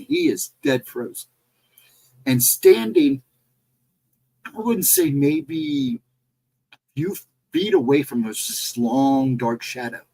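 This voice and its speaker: Male storyteller, husky and lively, casual ghost-story retelling. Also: a little high, poor audio. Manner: animated, rambling retelling with restarts.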